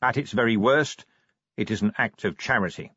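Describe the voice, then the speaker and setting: A male narrator voicing a small, hooded dwarf preacher, giving a slow, solemn sermon of hatred in an audiobook. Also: mid-range voice, sharp tone, slightly rough, no echo, lo-fi sound. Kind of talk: audiobook character voice.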